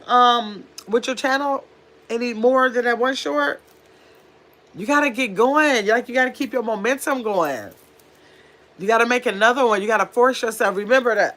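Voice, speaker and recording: A woman's voice: a little high, animated, normal speed, a bit bright. A woman hosting a casual home livestream, chatting with viewers and reading out their comments. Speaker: livestream host. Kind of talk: casual live chat with viewers. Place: at home in pajamas.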